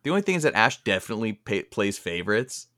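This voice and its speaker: Animated, profane male podcast co-host. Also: on the low side, quick pace. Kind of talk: casual chat.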